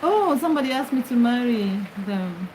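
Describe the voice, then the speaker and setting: A woman's voice: on the high side, big pitch swings, normal speed, darkish tone, a little hiss or hum, rough recording. A middle-aged woman from Kenya, chatting casually as host of her livestream from her bed and laughing often as she greets commenters. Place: bedroom, lying on her bed.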